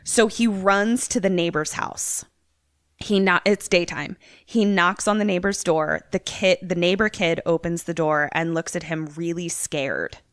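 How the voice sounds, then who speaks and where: Female podcast co-host, animated storyteller, lower register. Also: measured pace, clear, resonant tone, no echo, clean studio sound. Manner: animated storytelling, acts out the characters. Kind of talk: casual chat, retelling a horror film.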